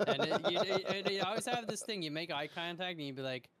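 Smooth-voiced man telling an anecdote. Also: high voice, expressive, fast, a bit bright, no echo. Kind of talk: casual anecdote.

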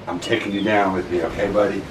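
Brief: a teasing young male monkey as his owner puts him on, quick and dropped low, in a roomy, noisy room heard from a distance. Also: level tone, natural voice.

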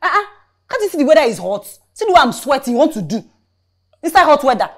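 A woman's voice: high voice, big pitch swings, quick pace. An actress with a Nigerian accent playing a young woman who scolds her broke boyfriend and demands money, in a film drama. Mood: irritated. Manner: scolding, dismissive. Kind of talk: Nollywood film acting.

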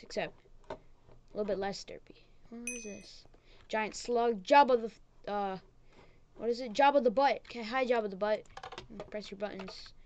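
A woman hosting her own gaming channel, giving goofy, chatty let's-play commentary at home that swings from muttered whispers to sudden squeals. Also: fairly high pitch.

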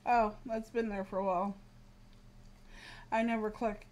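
A woman's voice: mid-range voice, little pitch movement, a little slow, a little mellow. A young American woman streaming a game, chatting casually and playfully, a bit dramatic by her own account. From US East Coast. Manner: playful, self-described dramatic. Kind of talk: casual live-stream chat.

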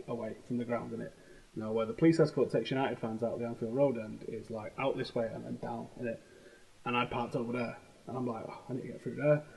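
A man in his thirties with a Manchester accent, hosting a casual chat and telling animated, slangy stories. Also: mid-range voice, vocal fry, slight background noise, rough recording. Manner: animated storytelling, heavy swearing, slangy. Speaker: host.

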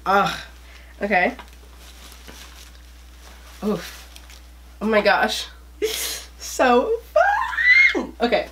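A teenage girl talks through an unboxing in a loose, rambling way, full of fillers. Her voice sits a little low for a girl. A faint hiss runs under the home recording. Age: teens. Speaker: vlogger. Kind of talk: casual unboxing chat.

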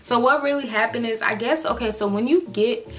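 A woman in her twenties, a YouTuber talking in a gushing, excitable casual vlog, full of "like"s. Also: a little high, a little fast, soft background music. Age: 20s.

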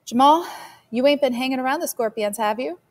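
A woman's voice: high-pitched, brisk, pitched above the performer's own voice, natural voice. Lady reading as a protective mom, firm and questioning, long echo in the room. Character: watchful, protective mother. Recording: long reverb.

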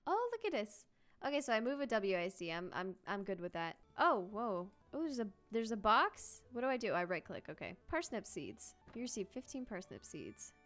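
A young woman narrates her let's-play as host, bubbly and easily excited, giggling as she goes. Her voice sits at a middling pitch for a woman. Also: fairly quick, hardly any pauses, faint music behind. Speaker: gaming video host.

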